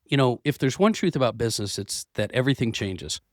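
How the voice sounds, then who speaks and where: A man's voice: mid-range voice, very animated, fairly quick, no echo, studio quality. Earnest male podcast host, voice a bit worn. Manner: earnest, repeats words while restarting. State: losing his voice a bit. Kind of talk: motivational business talk. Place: office.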